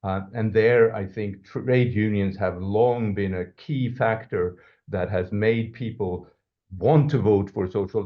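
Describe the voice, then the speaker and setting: A low-voiced male professor answers questions on a podcast, thinking aloud and hedging as he goes. He often restarts his sentences, and the recording sounds dull and lo-fi. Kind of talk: academic interview answer.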